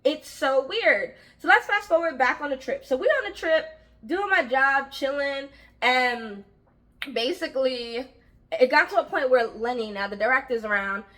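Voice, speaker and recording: A young woman casually telling a story from her job, animated and frank, acting out the voices of the people in it. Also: high-pitched, normal speed. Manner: frank, uses slang and swearing. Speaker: vlogger telling a work story.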